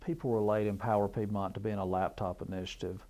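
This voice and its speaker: A man's voice: on the low side, steady tone, fast talker, a little mellow, a little hiss or hum. A man speaking as a school district leader in a documentary interview, reflective and searching.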